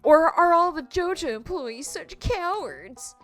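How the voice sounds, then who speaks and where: This is a combative village shopkeeper, put on by a woman reading a game's dialogue. He taunts his rival loudly. The voice is high and swings a lot in pitch, with soft music underneath. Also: lively intonation, a little slow, heavily acted. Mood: taunting. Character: feisty male village shopkeeper spoiling for a fight.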